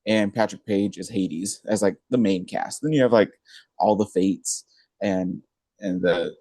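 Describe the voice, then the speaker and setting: A young man co-hosting a podcast, chatting excitedly with lots of filler words. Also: lowish voice, a little slow, no room sound. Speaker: podcast co-host. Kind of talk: casual chat.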